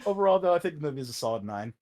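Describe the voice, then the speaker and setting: Animated swearing man on a podcast. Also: on the high side, rapid-fire. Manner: animated, swearing, laughs often. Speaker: podcast co-host. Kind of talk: casual chat.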